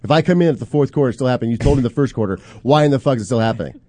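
An angry man interrogates his staff and swears nonstop. He talks fast in a dark, mellow voice. The sound is dry and close. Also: medium pitch, expressive, no room sound. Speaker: boss scolding his staff. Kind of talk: heated live-stream argument.

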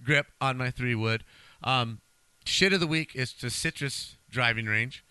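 Bright-voiced middle-aged man, dry sound. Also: medium pitch, measured pace, clean tone, dry recording. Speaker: podcast co-host. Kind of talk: casual chat.

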